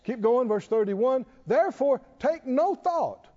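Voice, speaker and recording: A man preaching a sermon with animated delivery, repeating phrases and quoting scripture. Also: extremely high pitch, a little slow, lo-fi sound. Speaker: pastor.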